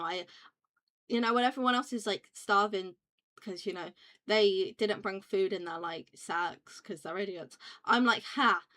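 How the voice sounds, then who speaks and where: A woman's voice: mid-range voice, fairly bright tone. Young British woman streamer, loose and rambling, curses freely, trips over her words. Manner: rambling, swears freely, frequent restarts and fillers. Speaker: VTuber streamer. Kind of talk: casual chat stream.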